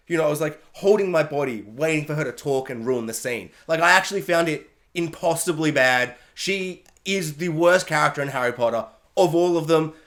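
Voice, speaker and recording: A man giving a casual, animated film review, emphatic and exasperated. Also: on the high side.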